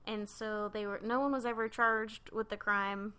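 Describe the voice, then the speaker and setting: A woman's voice: mid-range voice, steady tone, normal speed, sharp tone, smooth. A woman co-hosting a podcast, telling a story in casual chat with many "like" fillers. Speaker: podcast co-host.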